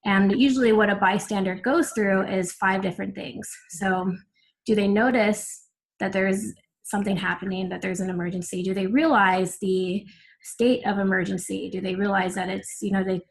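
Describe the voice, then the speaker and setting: A woman's voice: mid-range voice, fairly even intonation, normal speed, low-quality recording. A woman on a group call, sharing her thoughts earnestly with plenty of "like" fillers. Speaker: call participant. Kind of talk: casual reflective sharing.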